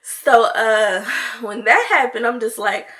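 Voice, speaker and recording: A young woman telling a storytime tale to her viewers in a loose, chatty way, full of "like" and "you know", and lively when she acts out her own lines. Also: a little high, takes it slowly. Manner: animated when mimicking herself in dialogue. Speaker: vlogger. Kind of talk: casual storytime chat.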